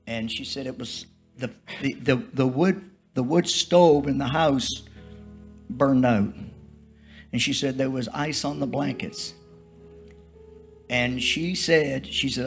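A man's voice: medium pitch, fairly even intonation, unhurried, pauses often, faint music behind. An older man preaching a testimony-style sermon, telling stories in a folksy, rambling, repetitive way. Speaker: traveling preacher.

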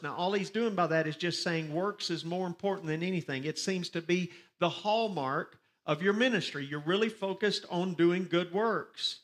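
A man's voice: high-pitched, normal speed, hardly any pauses. A man teaching a Bible study sermon, reading scripture with rising emphasis and telling listeners to underline words. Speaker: pastor.

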